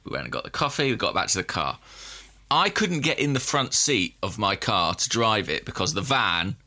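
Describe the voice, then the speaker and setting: A low-pitched man with a bright, forceful edge tells a rambling, self-mocking story about his own mishap. He talks in casual podcast chat and laughs along at his own bad luck. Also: sing-song, normal speed. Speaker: podcast co-host.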